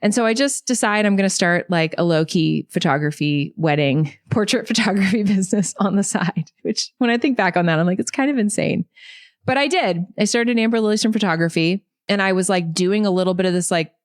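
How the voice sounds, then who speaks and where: A woman in her thirties, a podcast guest, telling her life story in a lively, chatty way full of asides. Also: mid-range voice, no echo, studio quality. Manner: animated, quick storytelling with many likes and you knows. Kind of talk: storytelling in an interview.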